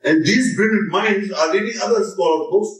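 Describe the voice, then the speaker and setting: A man's voice: high-pitched, normal speed. A man giving a religious lecture, speaking emphatically, acting out the voices of people he imagines and reciting Arabic verses. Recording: echoey room, mic at a distance.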